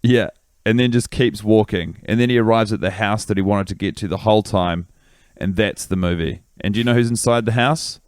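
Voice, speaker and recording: A man co-hosting a podcast, telling stories with dry, deadpan humor. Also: lowish voice, brisk, no echo. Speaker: podcast co-host. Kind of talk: casual chat.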